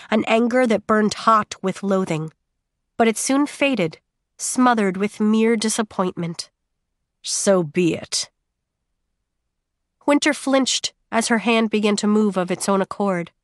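A woman narrates a dramatic audiobook with a steady, measured delivery and long pauses. Her pitch sits in the middle range. The sound is dry and close, with no room echo.

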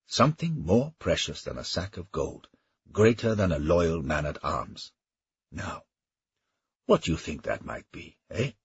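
A man voicing a talkative, teasing Welsh mercenary captain in an audiobook, with a husky voice. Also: deep voice, no room sound, dull audio, full character voice. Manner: wry, chatty, teasing. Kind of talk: audiobook character reading.

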